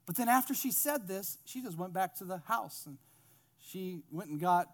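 Animated high-voiced male preacher. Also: moderate pace. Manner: animated, acts out the characters in the Bible story; humorous asides. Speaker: pastor. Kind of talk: sermon.

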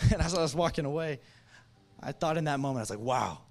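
A pastor with a Texan accent preaches in a church sanctuary. He tells his story briskly and acts out both sides of a conversation. Then he slows into a quiet, earnest appeal to the congregation. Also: on the high side. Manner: animated storytelling with quoted dialogue; earnest altar call. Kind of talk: sermon.

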